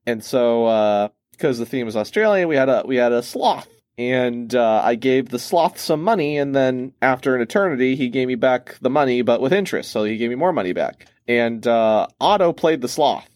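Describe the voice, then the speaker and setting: A man's voice: mid-range voice, animated, normal speed, few pauses, darkish tone, no room sound, studio quality. A man in his twenties co-hosting a casual podcast, telling a rambling story full of fillers and restarts. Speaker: podcast co-host. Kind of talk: casual chat.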